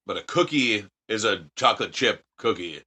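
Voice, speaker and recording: A man from the United States, a podcast guest telling profane, animated anecdotes in casual chat. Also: on the low side, normal speed, husky.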